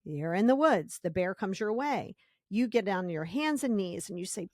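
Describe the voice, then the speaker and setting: A woman hosts a self-help podcast with an emphatic delivery. She repeats words for stress and breaks into quick acted-out voices. Her mid-pitched voice sits in a dry, close recording. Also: animated, darkish tone, no echo. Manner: emphatic, acts out little scenes in quoted voices. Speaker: podcast host.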